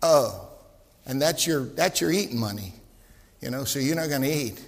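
A man's voice: medium pitch, expressive, normal speed, pitched below the performer's own voice. A man voicing a condescending woman money changer, with long hall reverb.

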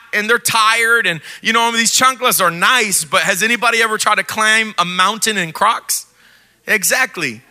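A male pastor delivers a sermon in a high, strikingly bright voice. He is playful, acting out the scene in put-on voices before turning quietly intense.

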